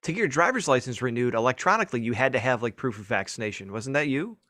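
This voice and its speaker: A man's voice: mid-range voice, animated, quick pace, sharp tone. A man co-hosting a podcast in casual chat, wisecracking and reading out news bits. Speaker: podcast co-host.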